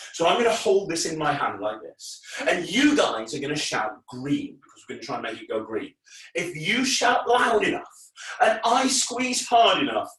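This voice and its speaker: A man's voice: mid-range voice, a bit bright. A man performing a children's magic show, talking playfully to the kids and acting mock-frustrated when his tricks go wrong. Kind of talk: kids' magic show patter. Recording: echoey room, distant mic.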